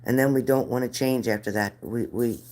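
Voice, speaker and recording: A woman's voice: extremely low pitch, fairly even intonation, fairly quick, darkish tone. A middle-aged woman reading spirit cards live for viewers, chatty and earnest, repeating their names. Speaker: card reader.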